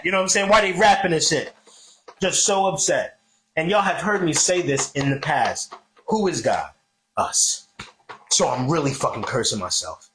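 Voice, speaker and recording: Animated high-voiced male podcast host. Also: echoey room, noisy background. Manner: animated storytelling, swinging from loud rants to low mutters. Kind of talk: casual comedic podcast chat.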